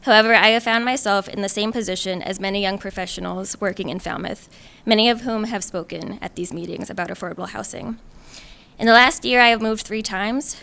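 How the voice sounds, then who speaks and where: A woman's voice: medium pitch, vocal fry, fairly bright tone, smooth. A woman in her thirties at a podium mic, reading a prepared personal statement during public comment. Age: 30s. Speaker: research assistant giving public comment. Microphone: podium microphone.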